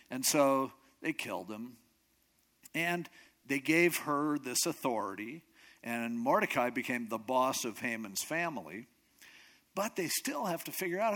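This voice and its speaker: Chatty male preacher, lively and expressive, slipping into characters. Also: medium pitch, moderate pace. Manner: chatty retelling with frequent acted quotes. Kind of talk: casual sermon storytelling.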